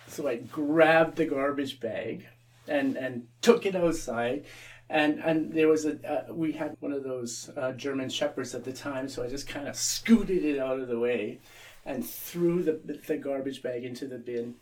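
A man's voice: mid-range voice, expressive, measured pace, recorded from a distance. A Canadian man, an Anglican priest, telling his story as an interview guest, often repeating and restarting his words.

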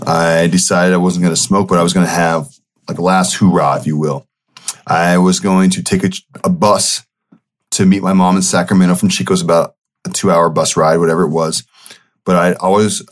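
Low-voiced man telling a rambling story. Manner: loose, rambling, with many fillers and self-corrections. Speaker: podcast host. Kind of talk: casual storytelling monologue.

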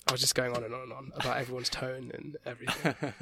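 A young man, talking as an interview guest about stage work, rambling with many restarts and quick laughs. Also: mid-range voice, little pitch movement, gravelly, crowd noise. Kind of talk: casual conversational interview.

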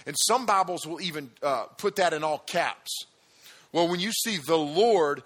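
A male preacher with a high, forceful voice delivers an energetic sermon. He speaks with emphasis and keeps turning to his listeners with direct questions.

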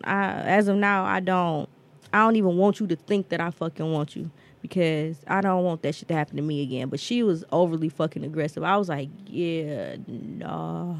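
A woman's voice: fairly low pitch, fairly even intonation, fairly quick. A woman, co-hosting a podcast and telling a story bluntly and profanely, acting out the people she quotes. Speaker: podcast co-host. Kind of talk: casual storytelling chat.

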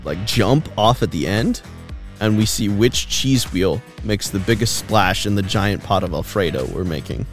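A man's voice: lowish voice, lively intonation, moderate pace, soft background music. A man co-hosting a comedy podcast who giggles often and riffs on silly ideas in casual chat. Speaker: podcast co-host.

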